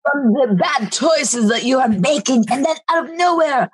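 A woman playing a melodramatic female psychic, drifting from slow ominous warnings into tearful shouting. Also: lively intonation, breathy edge, dry recording. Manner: theatrical, swings from low drawl to tearful shouting. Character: dramatic Italian-ish female psychic, moody and tearful. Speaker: psychic character. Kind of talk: improvised comedy role-play.

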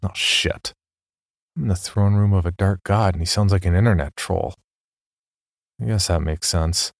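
A man narrating a first-person horror story in a wry, deadpan way. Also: sits low, normal speed, gravelly, no room sound, clean studio sound.

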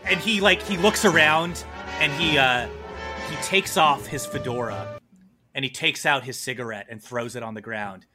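A man's voice: mid-range voice, normal speed, over music. A man narrating as game master of a tabletop game, loose and playful.

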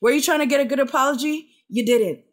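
A woman co-hosting a casual podcast, recapping a reality show in an animated, profane, mocking way. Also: sits high, fast. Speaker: podcast co-host.

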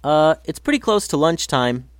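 A man's voice: a little high, sing-song, moderate pace, dry recording, pitched above the performer's own voice. A man voicing a friendly, easygoing boy with an upbeat manner.

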